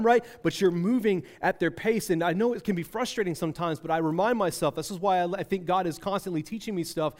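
A young man giving a conversational sermon about parenting, animated and repeating phrases for emphasis, slipping into acted-out voices. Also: high-pitched, quick pace, hardly any pauses. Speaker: speaker at a parenting talk.

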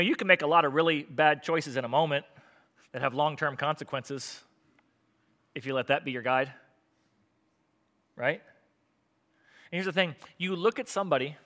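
A man preaching a sermon, telling the story in a lively, conversational way and acting out the characters' lines. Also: fairly high pitch. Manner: animated storytelling with acted-out quotes. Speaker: pastor.

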